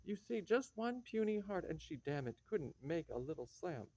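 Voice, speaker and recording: A man's voice: sits high, very animated, moderate pace, warm tone, exaggerated voice. A man voicing an indignant, hot-tempered middle-aged card player in a radio play, in a slightly dull dry recording. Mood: aggrieved. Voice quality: indignant, blustering.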